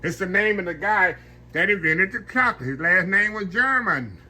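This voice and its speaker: Older man, folksy home-kitchen cooking host, bright, slightly high voice. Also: expressive, moderate pace. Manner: chatty, folksy, addresses viewers as y'all. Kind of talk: casual cooking demonstration.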